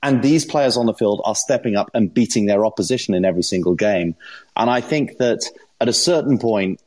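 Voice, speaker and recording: A man co-hosting a football podcast who makes his points in an earnest, measured, analytical way. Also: fairly low pitch, darkish tone. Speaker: podcast co-host.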